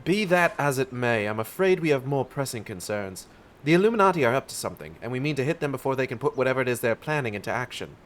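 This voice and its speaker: A man voicing a calm, scholarly female mage who speaks in a measured, formal way. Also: medium pitch, lightly acted. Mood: composed. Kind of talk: reading game dialogue aloud in voices.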